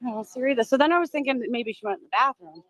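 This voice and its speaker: A woman's voice: a little high, lively intonation, racing, fairly bright tone, rough recording. Chatty Boston woman livestreaming outdoors. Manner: chatty, talks to viewers and passersby. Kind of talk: walking livestream chat. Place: outdoors on a crowded sidewalk. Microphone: handheld phone.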